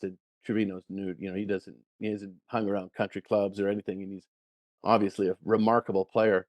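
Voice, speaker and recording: An older man, a guest and former touring golfer, telling stories in a casual, animated way with many restarts and repeated words. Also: lowish voice, a little fast, no room sound, studio quality. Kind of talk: casual storytelling.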